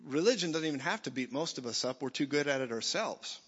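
A man preaching a sermon in a church, blunt and jokey, swinging from loud to soft. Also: on the high side, animated, fast talker, husky. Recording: dull sound in a reverberant hall.

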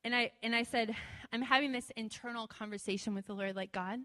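A woman's voice: on the high side, steady tone, fast, a bit bright, in a large hall. A woman telling a testimony in a loose, conversational way, full of fillers, who acts out her own prayers in a raised voice. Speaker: speaker sharing a testimony. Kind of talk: testimony storytelling.

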